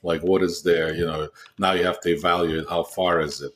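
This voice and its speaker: This gaming podcast co-host has a deep voice and a brisk, flat delivery. His talk is casual and a bit rambling, full of filler words.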